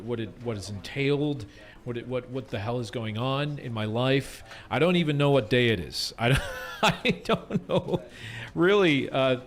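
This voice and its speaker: A man streaming a game in a small room full of screens, rambling casually to chat with self-mocking jokes. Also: mid-range voice.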